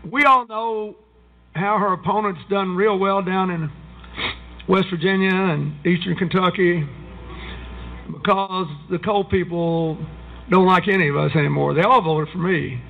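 A high-pitched, gravelly man speaks in a folksy, wry way at a campaign event. The clip sounds thin and phone-like, with a faint hiss under it. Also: fairly even intonation, measured pace. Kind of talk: public speech clip. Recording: tinny phone-like archive clip with faint noise.

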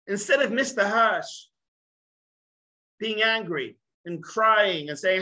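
A man's voice: sits high, moderate pace, rough recording. A man, a rabbi, giving a storytelling lecture to a group, acting out the quotes in his stories and asking his listeners questions. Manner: animated storyteller, acts out quotes in dialogue; addresses listeners directly, asks the room questions.

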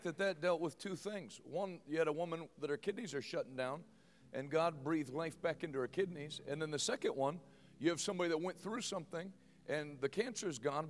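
A man's voice: on the high side, brisk. Emphatic male pastor in his forties. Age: 40s. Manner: emphatic, bursts loud in praise. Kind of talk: sermon.

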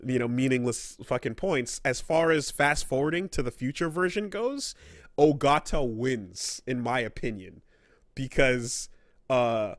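A man's voice: mid-range voice, expressive, unhurried, no echo, studio quality. A man co-hosting a casual gaming podcast, rambling and swearing as he acts out quoted characters. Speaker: podcast co-host.

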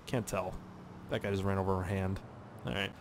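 A man's voice: low-pitched, steady tone, brisk, a little hiss or hum. A young man with a Canadian accent giving casual, rambling gameplay commentary, chatty and sweary, with lots of fillers and repeats. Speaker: gaming channel host.

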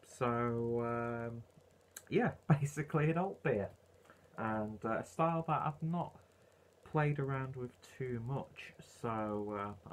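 A man's voice: medium pitch, a little hiss or hum. A man reviewing a beer in a casual, rambling way, full of ums and uhs.

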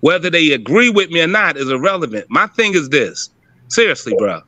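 Profane, high-pitched animated man ranting. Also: brisk, dry recording. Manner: profane, emphatic, animated rant. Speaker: podcast co-host. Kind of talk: heated casual talk.

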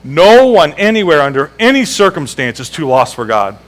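A man's voice: fairly high pitch, sing-song, moderate pace, rough recording. A male pastor preaching a sermon in a church, emphatic and repeating key phrases, asking the congregation questions. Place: church sanctuary.

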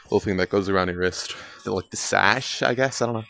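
A man's voice: on the low side, fast talker, creaky, a bit bright. A young man giving casual, rambling gameplay commentary, swearing casually and poking fun at himself. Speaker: gaming video creator.

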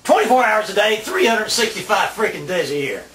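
A man's voice: high voice, sing-song, a little fast, fairly bright tone, reverberant, far from the mic. A man playing a radio DJ in a comedy sketch, grumbling, exasperated and sarcastic.

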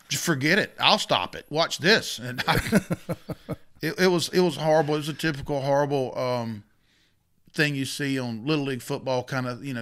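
A man's voice: medium pitch, smooth. A middle-aged man, a youth football coach, telling a story in casual chat, with lots of repeated starts. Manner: animated, self-interrupting with repeats.

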